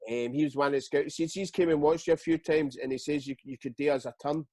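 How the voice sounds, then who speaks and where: A man's voice: on the high side, steady tone, quick pace, mellow, no echo. A middle-aged Scottish man, a retired footballer, telling his career stories in a casual interview, swearing freely and acting out what others said. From Scotland.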